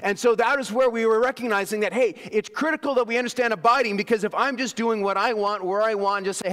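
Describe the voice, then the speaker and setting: A man's voice: high voice, brisk, hardly any pauses, a bit bright, in a large hall. A man preaching a sermon as pastor, emphatic, asking the congregation for an "amen" now and then. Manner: emphatic preaching with call-and-response asides.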